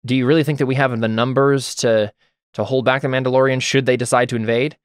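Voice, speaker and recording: A man's voice: medium pitch, fairly even intonation, clear, resonant tone, dry recording, clean studio sound, lightly acted. A man doing a nervous junior officer. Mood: hesitant. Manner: halting, nervous, polite. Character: hesitant junior male Republic officer.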